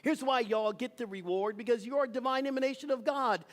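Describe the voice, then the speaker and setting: This fast-talking minister has a mid-range voice and preaches with emphasis and rhythm, drawing the congregation into call and response. The church sanctuary leaves a long reverb tail on every phrase.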